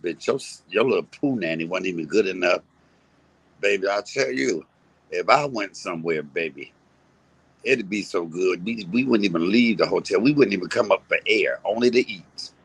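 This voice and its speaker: A man's voice: low voice, fairly bright tone, slightly rough, no room sound, rough recording. A man, ranting to his viewers in a profane, confrontational and mocking way. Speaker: live-streaming commentator. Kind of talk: casual rant to viewers.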